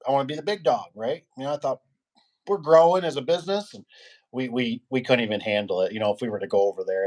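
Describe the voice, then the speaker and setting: A man, a garage door business owner, chatting casually and rambling through stories while acting out the people he quotes. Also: mid-range voice. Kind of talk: casual podcast chat.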